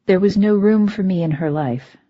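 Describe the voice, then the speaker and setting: Brief: woman audiobook narrator, first person, husky low voice, dull lo-fi audio. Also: moderate pace, no echo.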